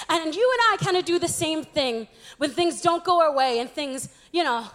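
Chatty young woman, very high voice. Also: lively intonation, moderate pace, fairly bright tone. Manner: chatty, self-mocking storytelling. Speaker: youth speaker. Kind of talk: humorous church talk.

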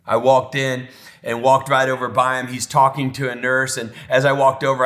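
A man preaching a sermon in a heartfelt, conversational way, often slowing into soft pauses. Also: mid-range voice, completely flat delivery. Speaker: pastor. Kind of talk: sermon storytelling.

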